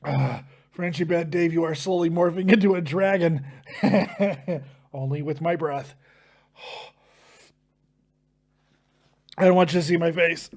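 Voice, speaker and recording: A man's voice: a little high, takes it slowly, vocal fry, long pauses, a little mellow. A man hosting a live stream, groaning and swearing while his mouth burns from a hot pepper.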